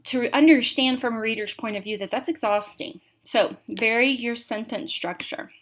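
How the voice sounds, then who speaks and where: This recorded college writing lecture comes from a woman in her twenties or thirties whose voice is a little high and whose pace is moderate. She reads passages aloud with expressive rhythm and emphasis.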